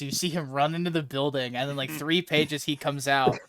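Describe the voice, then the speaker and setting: A man hosting a casual comic book chat, animated, swearing and laughing a lot. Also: fairly high pitch, brisk, no room sound. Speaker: podcast host.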